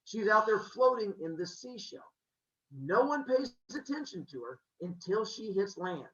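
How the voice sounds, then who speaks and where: A male teacher telling myths to a classroom as an animated, joking storyteller who quizzes his students. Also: high voice, unhurried, reverberant. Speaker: middle school teacher. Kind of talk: classroom lesson on mythology. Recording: dull lo-fi classroom recording.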